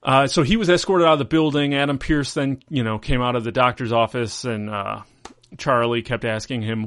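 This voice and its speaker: A man's voice: mid-range voice, steady tone, moderate pace, a bit bright, no room sound. Rambling male podcast host, dry sound. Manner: rambling, acts out quotes in mocking voices. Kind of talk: casual wrestling recap.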